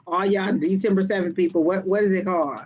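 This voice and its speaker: A woman reading tarot live for viewers, talking quickly and directly to her audience in a lively, chatty way. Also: lowish voice, lo-fi sound. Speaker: tarot and psychic reader.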